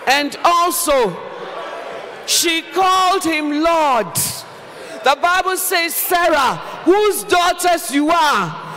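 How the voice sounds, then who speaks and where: A woman pastor preaching a sermon at a church service, animated and humorous, often exclaiming to the congregation. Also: very high-pitched. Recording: long church hall reverb.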